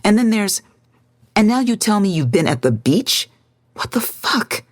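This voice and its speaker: A woman's voice: very deep voice, animated, slow, husky, no echo, studio quality, heavily acted. A woman voicing an angry, hurt young woman law clerk who speaks sharply and confrontationally, in a story reading.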